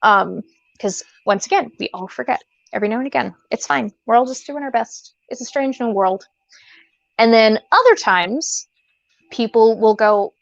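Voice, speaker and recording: A woman's voice: on the high side, expressive, moderate pace, creaky, no room sound. A woman co-hosting a podcast in casual chat, rambling with lots of fillers and restarts. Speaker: podcast co-host. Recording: dull lo-fi sound.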